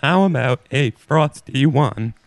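A man's voice: mid-range voice, expressive, takes it slowly, no echo. A man co-hosting a casual chat, teasing his friends with playful, silly wordplay.

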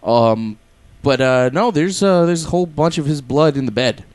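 A man co-hosting a casual podcast, chatting loosely with plenty of fillers. His pitch rises and falls a lot as he jokes around. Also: animated, moderate pace, a little mellow, no room sound. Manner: loose, joking, lots of fillers and laughs. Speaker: podcast co-host. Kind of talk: casual chat.

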